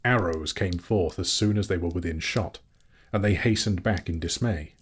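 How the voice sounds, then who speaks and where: A man narrating an audiobook with a steady storytelling reading. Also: low-pitched, moderate pace, a little hiss or hum. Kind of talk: scripted narration.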